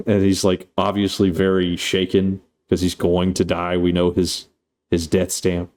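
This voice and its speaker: Man, low voice, mellow tone, rambling, profane, casual streamer. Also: fairly even intonation, normal speed. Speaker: streamer reviewing a film. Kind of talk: casual live-stream chat.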